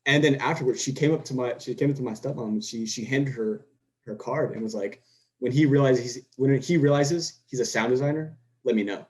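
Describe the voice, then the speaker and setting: A young man from Houston talks as a podcast guest, winding through his story with frequent restarts. He acts out back-and-forth dialogue as he goes. His voice sits at an ordinary middle pitch. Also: brisk, darkish tone, poor audio. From Houston, Texas. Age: young adult. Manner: rambling with many restarts and quoted dialogue. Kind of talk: casual storytelling chat.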